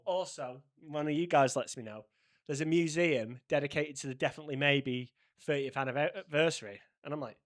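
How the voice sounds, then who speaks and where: Animated man telling stories. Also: fairly high pitch, a little fast. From Manchester, England. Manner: animated, acts out quoted voices in his anecdotes. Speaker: podcast co-host. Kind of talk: casual storytelling chat.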